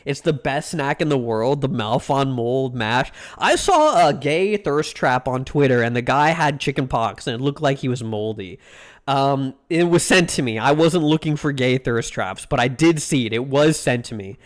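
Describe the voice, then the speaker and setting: A man's voice: medium pitch, animated. A man streaming live, reacting to food pictures and chatting with viewers in a rambling, crude, joking way. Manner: rambling, crude jokey banter, drawn-out food names. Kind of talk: casual live-stream chat.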